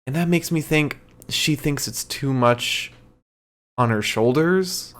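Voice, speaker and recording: A man's voice: medium pitch, animated, slow. A man co-hosting a podcast, casually recapping the show with lots of ums and easy laughs. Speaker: podcast co-host.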